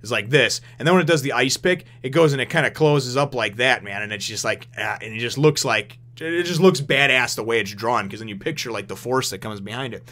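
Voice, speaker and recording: A man giving a casual manga review, rambling and animated, who swears freely and laughs often. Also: mid-range voice, a little fast, hardly any pauses.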